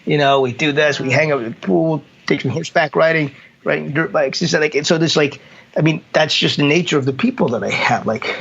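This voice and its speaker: A man with a gravelly, husky voice pitched a little high, talking casually as he tells stories from his consulting work and acts out what others said, breaking off and restarting often. The recording sounds dull and lo-fi. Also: brisk, a bit bright. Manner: storytelling with acted quotes, many restarts. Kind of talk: casual conversation.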